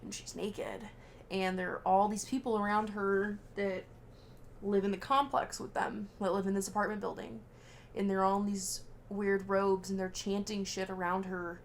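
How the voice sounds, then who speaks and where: A woman's voice: medium pitch, moderate pace, slight background noise. Young woman animatedly retelling a film. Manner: animated retelling that acts out characters' lines, swearing freely. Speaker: podcast co-host. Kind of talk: casual chat recapping a film.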